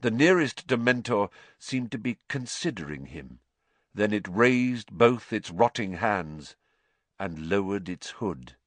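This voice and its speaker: A man narrating a story in a measured, dramatic way. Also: lowish voice, very animated, fairly bright tone, no room sound. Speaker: audiobook narrator.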